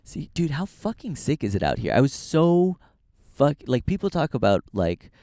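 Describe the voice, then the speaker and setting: He's a young Northern California man talking into a handheld camera as he hikes a trail, hosting his own podcast in a rambling, foul-mouthed, self-deprecating vlog style. His voice sits on the high side and sounds mellow and very animated, moving at normal speed.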